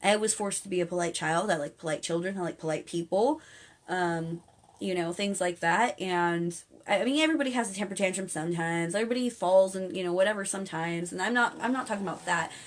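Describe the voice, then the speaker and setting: A woman's voice: fairly low pitch, fairly quick. A young woman hosting a casual spiritual live stream at home, chatting earnestly and reading viewers' comments aloud as she rambles along. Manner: earnest, coaxing encouragement. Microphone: phone or webcam on a live stream.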